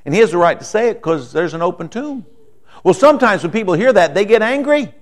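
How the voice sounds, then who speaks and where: A man with a fairly high voice is preaching a sermon. He talks conversationally, keeps asking the room "okay?", and moves between quiet explanation and emphatic points. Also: sing-song, fast. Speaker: pastor.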